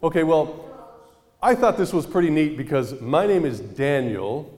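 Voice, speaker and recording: A man preaching a storytelling sermon in a conversational, animated way, often tossing questions to the congregation. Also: on the high side, unhurried, long reverb tail.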